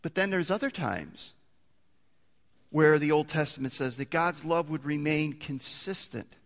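A man's voice: high voice, creaky, a bit bright. A man preaching a sermon in a conversational way, often restarting his sentences and building to emphatic peaks. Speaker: pastor. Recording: long hall reverb.

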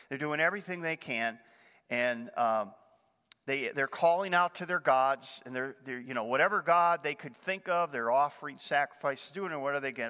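An older man preaches to his congregation in a relaxed, chatty way, often asking them questions. His voice sits a little high and rings brightly. A long reverb from the church sanctuary hangs after his words. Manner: conversational, asks the congregation questions. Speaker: pastor. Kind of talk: sermon.

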